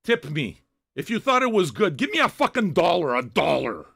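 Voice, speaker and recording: Gravelly, animated older man ranting. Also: fairly high pitch, moderate pace. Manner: loud, swearing, half-shouting tirades. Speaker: livestream host reacting to music. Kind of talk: profane rant at chat viewers.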